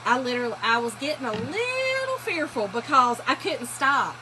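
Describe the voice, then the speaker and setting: A woman's voice: high-pitched, sing-song, normal speed. A woman hosting a casual livestream, telling stories and laughing while painting furniture. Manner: chatty, laughing storyteller, addresses viewers as y'all. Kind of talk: casual livestream chat to viewers. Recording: workshop noise, sanding and rubbing.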